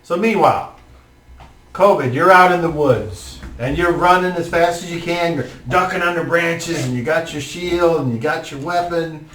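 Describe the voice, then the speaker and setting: A man narrating as game master of a tabletop game, describing scenes with pauses and fillers. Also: on the high side, a bit bright. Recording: roomy room, mic far off.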